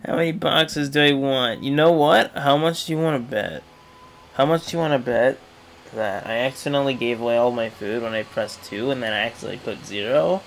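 A young man giving casual, rambling commentary over a retro game, swinging from mumbling asides to loud excited outbursts. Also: mid-range voice, a little fast, a little hiss or hum. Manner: rambling, excitable, yelps and laughs when the game goes wrong. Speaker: gaming video creator.

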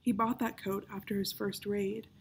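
A woman, a children's librarian, reading a novel aloud in a calm, even storytelling voice. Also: medium pitch, normal speed, gravelly, a little hiss or hum.

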